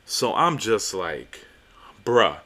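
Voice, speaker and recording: A young man with a low voice tells a story on his podcast. He talks casually and with energy, swears freely, and drives his points home by repeating them. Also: normal speed. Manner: animated, profane, self-mocking, emphatic repetitions. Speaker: podcast host.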